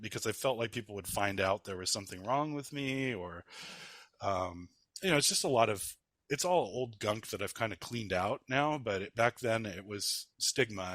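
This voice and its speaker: A man's voice: lowish voice, a bit bright, no echo. A man telling a personal work story as a podcast guest. He talks candidly, with many ums and restarts, and is wry about himself.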